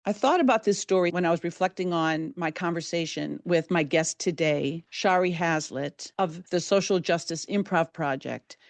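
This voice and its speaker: A middle-aged woman hosting a podcast, telling a true story from her own life in a measured, vivid way that builds drama. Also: on the low side, a little mellow, no echo. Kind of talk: first-person true storytelling.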